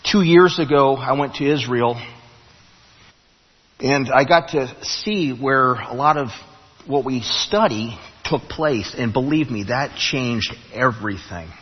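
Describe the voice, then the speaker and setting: A man preaching to his congregation in a husky voice, telling a story with restarts that climb to emphatic peaks. The sound carries a long church-hall reverb, and the recording is dull and muffled. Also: medium pitch, expressive, takes it slowly. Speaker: pastor. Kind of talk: sermon. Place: church sanctuary.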